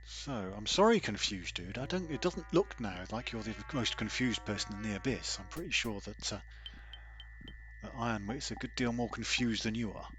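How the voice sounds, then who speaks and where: A man's voice: lowish voice, animated, moderate pace, fairly bright tone, soft background music. A man hosting a let's play, giving easygoing, wry commentary on the game.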